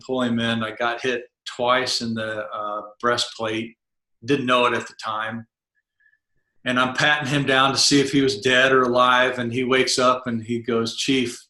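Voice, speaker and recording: A man's voice: medium pitch, pushed and bright, roomy sound. A middle-aged man, a former Navy SEAL chief, telling a vivid first-person story on a podcast and acting out the dialogue. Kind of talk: storytelling in an interview.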